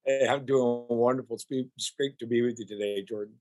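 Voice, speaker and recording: An older man, a guest on a podcast, telling stories about his family business in a warm, reflective way. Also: medium pitch, fairly even intonation, a little fast. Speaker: guest, family restaurant owner. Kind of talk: casual interview storytelling.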